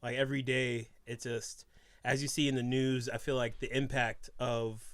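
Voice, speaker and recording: A man's voice: medium pitch, flat delivery, normal speed, dry recording, clean studio sound. A young man from Boston co-hosting a podcast in casual chat, rambling with many fillers. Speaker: podcast co-host.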